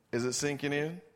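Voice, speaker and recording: Emphatic higher-voiced preacher delivering a sermon. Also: male voice. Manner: emphatic, asks the congregation to answer and repeats key phrases.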